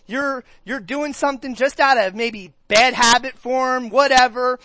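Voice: high voice, no echo. A pastor preaching a conversational sermon to a church, asking the congregation questions and acting out their reactions. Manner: animated, acts out listeners' reactions in quick put-on voices.

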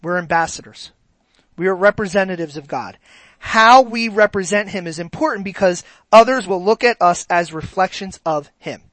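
A preacher giving a sermon, animated and asking the congregation rhetorical questions. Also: medium pitch, moderate pace, dry recording, low-quality recording.

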